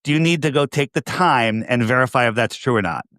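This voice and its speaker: A man with a New York area accent talks on a video call at a middling pitch. He pushes his points hard and keeps firing rhetorical questions at the listener. The sound is dry and close. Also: fairly quick, fairly bright tone, dry recording. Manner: emphatic, fires rhetorical questions. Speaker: podcast guest. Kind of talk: casual conversation.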